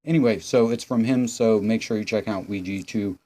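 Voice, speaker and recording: Young man, casual sarcastic recap, profane, mellow voice. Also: lowish voice, brisk. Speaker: host.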